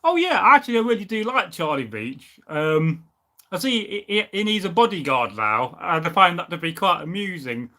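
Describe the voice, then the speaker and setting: A man's voice: sits high, sing-song, normal speed, pushed and bright. A man hosting a live stream and reading the chat aloud, talking in a rambling, opinionated way with plenty of fillers.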